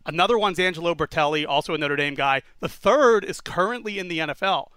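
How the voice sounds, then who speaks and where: A man's voice: on the high side, fast, fairly bright tone, smooth, dry recording. A man from the Pittsburgh area, a radio co-host, informative and quizzing as he gives sports trivia. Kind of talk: trivia talk on air.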